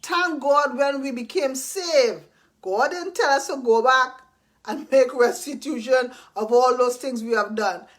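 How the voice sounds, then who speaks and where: High voiced woman, casual faith talk, earnest, repeats herself, goes soft and quiet at times. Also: unhurried. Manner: earnest and repetitive, acts out apologies. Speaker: vlogger giving life advice.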